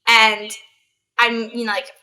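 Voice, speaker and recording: A woman's voice: a little high, takes it slowly. A young adult woman as a guest, telling a story in casual chat and acting out the people in it. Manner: animated, acts out quoted exchanges.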